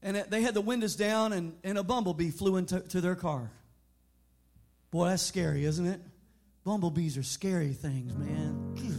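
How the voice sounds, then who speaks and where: High-voiced man preaching over music. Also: normal speed. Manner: emphatic, builds to shouted declarations. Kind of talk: sermon. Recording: sermon over background music.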